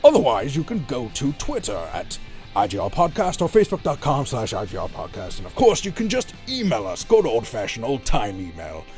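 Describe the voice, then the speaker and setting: A man chatting casually on a gaming podcast, talking in loose, rambling runs full of fillers. His pitch rises and falls freely. Faint music sits underneath him. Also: wildly swooping pitch, brisk, a little mellow. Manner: rambling, filler-heavy, laughs easily. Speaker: podcast co-host.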